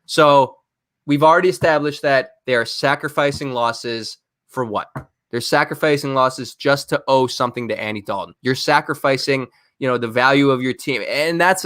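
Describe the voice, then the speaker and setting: A man co-hosting a podcast, ranting in an animated, exasperated way during casual chat. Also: mid-range voice, normal speed, no echo, clean studio sound. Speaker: podcast co-host.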